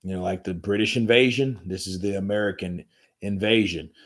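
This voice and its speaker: A man's voice: sits low, fairly even intonation, brisk, a bit bright. A man hosting a live boxing commentary stream, talking in a rambling, profane, joking way from home.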